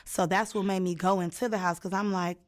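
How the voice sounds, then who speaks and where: A young woman telling a story in a casual chat, animated and acting out the people she quotes. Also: medium pitch, a little fast. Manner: animated, acts out quotes with sudden loud jumps. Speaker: storyteller in a clip.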